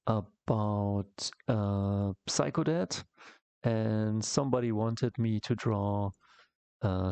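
Brief: man, slow gravelly delivery, casual comic-art tutorial voice-over, dry close mic. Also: lowish voice, darkish tone, no echo. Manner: rambling, halting, many fillers and restarts. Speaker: comic artist teaching.

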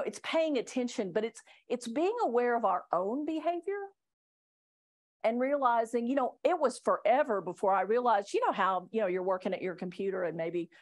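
A woman's voice: a little high, a little mellow. A middle-aged woman attorney giving a live workplace training talk to staff, chatty and self-deprecating, often laughing between points. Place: meeting room with live audience.

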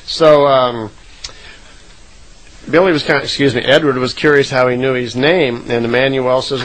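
A man's voice: mid-range voice, fairly even intonation, moderate pace, long pauses, a bit bright, low-quality recording. A man casually retelling a recorded account, rambling with frequent "uh" fillers and self-corrections.

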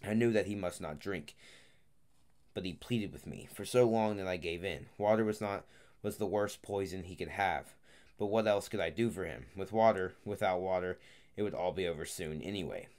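A man reading an audiobook aloud, halting at times and correcting himself mid-phrase. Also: low voice, a little mellow. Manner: halting, frequent restarts and self-corrections. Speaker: audiobook reader. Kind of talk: audiobook narration.

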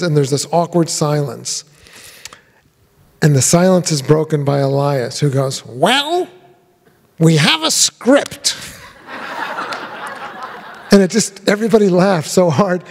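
Film director guy rambling thru stories at a q&a, kinda gravelly, big hall echo. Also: a little high. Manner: animated storyteller who acts out quoted voices. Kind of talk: rambling anecdotal Q&A talk. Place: live Q&A on a theater stage. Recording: long hall reverb.

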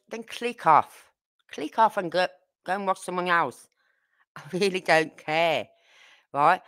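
A woman's voice: fairly low pitch, fairly bright tone. A woman from Birmingham with a Brummie accent, hosting a true crime livestream and talking bluntly and indignantly straight to her viewers. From Birmingham, England. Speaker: true crime channel host. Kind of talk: casual livestream chat.

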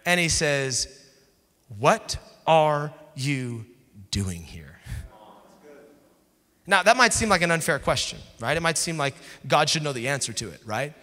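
A male pastor preaches emphatically and conversationally. His voice is fairly high, swings widely, and rings bright. A long reverb from a large hall follows every phrase. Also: expressive, brisk, hardly any pauses. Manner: emphatic, conversational, with dramatic drops to near-whispers. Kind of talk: sermon. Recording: echoey hall.

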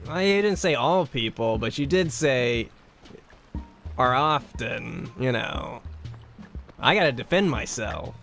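A man's voice: medium pitch, sing-song, slow, vocal fry, pauses often, a bit bright, soft background music. A man casually chatting on a livestream, rambling and self-deprecating as he reads and answers chat. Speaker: streamer.

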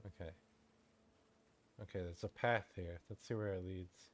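A man's voice: sits low, steady tone, measured pace. Jittery swearing gamer guy. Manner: anxious, swearing reactions to the game. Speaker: gaming YouTuber. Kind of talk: let's-play game commentary. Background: faint game music.

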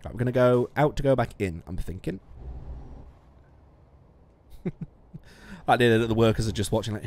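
A man's voice: mid-range voice, normal speed, long pauses, a little mellow. A man casually commenting while playing a game, chatty and self-mocking, swearing often and laughing a lot. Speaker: streamer.

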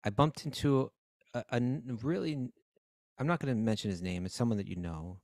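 A man co-hosting a casual spiritual talk, speaking slowly and reflectively. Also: mid-range voice, a little mellow, no echo, studio quality. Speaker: podcast co-host.

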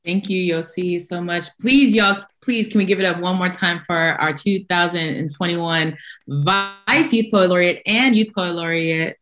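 A woman's voice: on the low side, moderate pace, fairly bright tone. A woman emceeing a ceremony, rallying the audience with energy. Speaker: master of ceremonies. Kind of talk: hyping up an audience.

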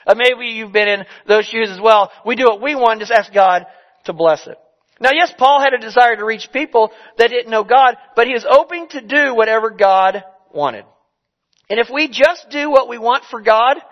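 A man's voice: very high-pitched, expressive, moderate pace, muffled recording. A man preaching a sermon in a conversational, storytelling way with emphatic repetition.

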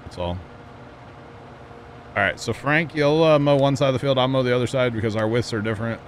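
A young Midwestern American man chats casually with viewers while streaming a game, laughing often and joking at his own expense. His voice is medium-pitched and brisk, with a little hiss or hum in the audio.

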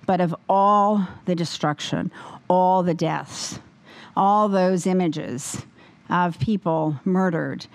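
A woman giving a formal lecture with a slightly wobbly voice, speaking in a measured, deliberate way and taking questions afterwards. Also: lowish voice. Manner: measured, deliberate, with many fillers when answering. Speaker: guest lecturer. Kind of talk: formal lecture, then audience Q&A.

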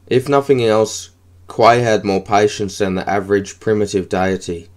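A man narrating an audiobook in a steady, even reading. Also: on the low side, moderate pace.

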